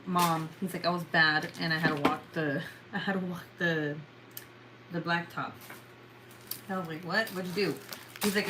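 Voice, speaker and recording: A woman's voice: on the low side, background noise. A woman in her thirties chatting casually at home while she works on a craft, frank and sweary, sighing and laughing often. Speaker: vlogger. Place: home, at a table.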